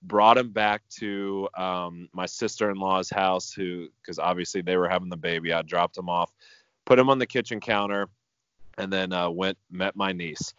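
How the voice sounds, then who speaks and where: A man's voice: deep voice, steady tone, moderate pace, a bit bright, clear, resonant tone, no room sound, dull audio. A man co-hosting a podcast, telling a rambling story in casual chat, full of "like" fillers. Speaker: podcast co-host.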